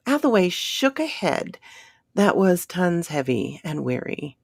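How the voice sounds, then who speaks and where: Woman reading a sci-fi story, gravelly voice, slow and dramatic. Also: low voice, very animated, darkish tone, no echo, clean studio sound.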